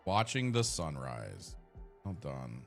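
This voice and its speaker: A man's voice: very deep voice, very animated, slow pace, creaky, soft background music. A man streaming a game, chatting casually and profanely with his viewers and his characters while he plays. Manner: profane, joking, talks to chat and his characters. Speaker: gaming streamer. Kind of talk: casual let's-play commentary.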